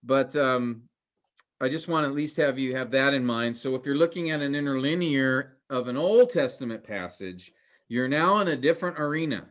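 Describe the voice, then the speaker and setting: In a medium-pitched voice at a moderate pace, a man leads a casual class. He talks conversationally with plenty of fillers and false starts, keeping an earnest tone of warning.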